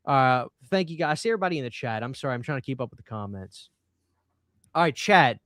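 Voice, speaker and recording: A man co-hosting a live-streamed podcast, talking in a chatty, animated way and often cutting in on his guest. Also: medium pitch, quick pace, no room sound, clean studio sound. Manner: animated, chatty, talks over others. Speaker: podcast co-host. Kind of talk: casual live-stream chat.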